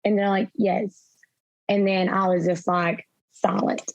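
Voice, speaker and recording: A young woman, a guest in an interview, retelling events through quoted dialogue in a soft, halting way with fillers. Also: mid-range voice, level tone, vocal fry, no echo. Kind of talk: personal storytelling in an interview. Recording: slightly dull, dry sound.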